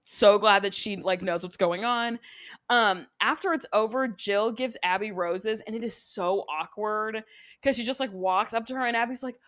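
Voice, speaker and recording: A woman's voice: mid-range voice, moderate pace, fairly bright tone. Chatty, sarcastic young woman host. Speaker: podcast host. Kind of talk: casual episode recap.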